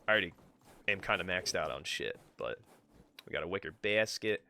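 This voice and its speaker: A man's voice: deep voice, animated, a little fast, vocal fry, bright, forceful tone, slight background noise. A man streaming a game live, swearing freely and chatting with his viewers and his cat. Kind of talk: live gameplay commentary.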